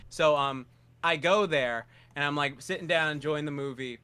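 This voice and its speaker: A man hosting a podcast, telling stories in an animated, profane, casual way. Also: on the high side, normal speed, clean tone. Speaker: podcast host. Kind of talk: casual chat.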